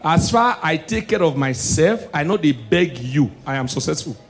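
A stand-up comedian with a Nigerian Pidgin English accent, his voice sitting notably high for a man. He is loud and animated on stage and shouts his punchlines. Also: moderate pace.

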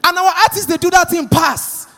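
A male stand-up comedian with a Nigerian accent telling an animated story. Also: very high voice, a little fast, gravelly, over loud music. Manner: animated storytelling with character voices. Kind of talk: stand-up routine.

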